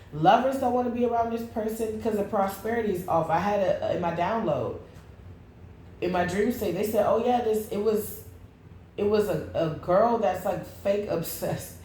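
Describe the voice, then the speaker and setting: A woman's voice: fairly low pitch, darkish tone. Woman doing a tarot reading, blunt and cussing, echoey room, bit of hiss. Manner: blunt, profane, sing-song asides. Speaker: tarot reader. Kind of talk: casual tarot reading monologue. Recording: echoey room with faint noise.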